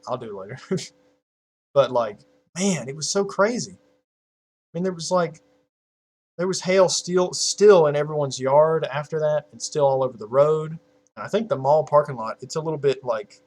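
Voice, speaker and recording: A man's voice: on the high side, normal speed, pauses often, a little mellow. A man of twenty-one chatting casually to his viewers from a home setup, rambling, swearing freely and laughing at his own jokes. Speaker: YouTuber.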